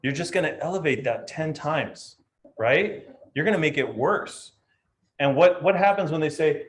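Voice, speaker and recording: A man leading a live real estate training session, talking in a lively way and acting out client voices. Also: a little high, normal speed.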